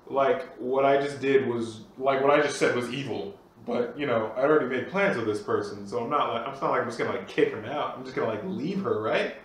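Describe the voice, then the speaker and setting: A young man telling a comic personal story in a lively way, acting out the other people's voices, recorded in an echoey room away from the mic. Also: medium pitch, far from the mic. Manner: animated, acts out voices.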